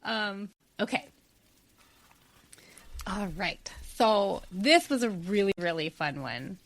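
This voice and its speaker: A woman co-hosting a podcast in casual chat, animated and laughing often. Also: medium pitch, takes it slowly. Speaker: podcast co-host.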